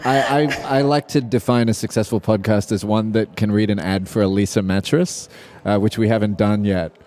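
Mellow-voiced hesitant Australian man. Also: on the low side, fairly even intonation, normal speed. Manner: hesitant, lots of ums and restarts. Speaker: podcast host. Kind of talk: live podcast panel chat. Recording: live show at a pen expo, audience.

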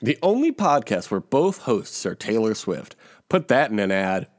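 A man's voice: fairly low pitch, very animated, normal speed, no echo, clean studio sound. A male podcast co-host in casual chat, wry and laughing often, trailing off with ums as he recaps a reality show.

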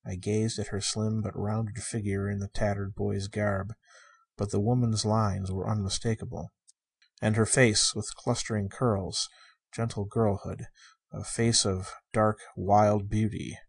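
Male audiobook reader, husky and low, measured emotive first-person narration. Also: level tone. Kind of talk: storybook reading.

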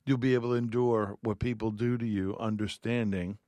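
A man's voice: lowish voice, fairly even intonation, fairly quick, dark tone, no echo. A man giving a heartfelt radio Bible teaching, reading scripture aloud and speaking earnestly.

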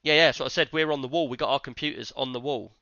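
A man hosting a laid-back podcast, talking in a chatty, rambling way full of fillers. His voice is bright and crisp, recorded dry, close to the mic, with a slightly dull, lo-fi edge. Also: mid-range voice, steady tone, very fast, no echo. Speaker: podcast host. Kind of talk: casual podcast chat.

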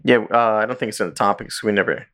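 Animated man telling stories on a podcast. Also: quick pace. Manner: animated storyteller, jumps into high voices for quoted characters. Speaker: podcast co-host. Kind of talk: casual podcast chat.

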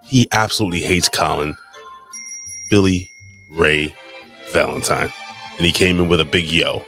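A slightly low-voiced man hosts a live podcast, rattling off shout-outs with crude, showman energy. Casual banter with faint music behind him. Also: fast talker. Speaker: podcast host.

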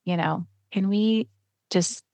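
A woman co-hosting a casual book podcast, recapping chapters in a chatty, expressive way. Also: mid-range voice, takes it slowly, no room sound. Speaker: podcast co-host.

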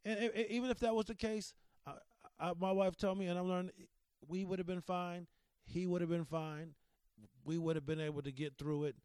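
A man's voice: high voice, fairly even intonation, a little fast, a little mellow, clean tone, dry recording. A man in his thirties hosting a casual solo podcast, talking candidly and emotionally about his son, rambling with restarts and the odd curse into a studio microphone. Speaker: podcast host.

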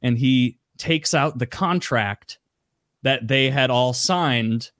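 A man's voice: medium pitch, slow pace, fairly bright tone, no echo, clean studio sound. A man retelling a story in casual chat, rambling, with many "like" fillers and frequent swearing.

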